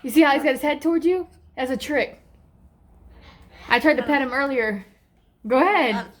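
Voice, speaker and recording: High-voiced woman at a zoo. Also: animated, moderate pace. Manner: chatty, explaining and warning. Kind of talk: casual chat. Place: outdoor zoo bird cages.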